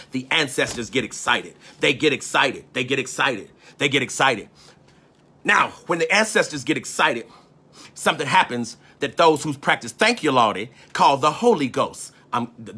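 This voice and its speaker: A man preaching with a lively, swooping delivery, his bright voice slightly husky at the edges. He works the crowd in call-and-response, climbing into shouts and half-sung lines before dropping low again. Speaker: preacher and teacher. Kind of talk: spiritual lecture in a sermon cadence.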